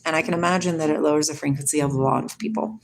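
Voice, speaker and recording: A woman with a deep, gravelly voice races along in fairly even intonation. Hosting a casual spiritual livestream, she reads viewer comments aloud, greets people by name, laughs often and wanders off on tangents.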